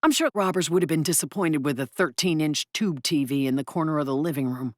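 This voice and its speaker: A woman narrating an audiobook in the first person, in an expressive, brisk way. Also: low voice, dry recording, studio quality.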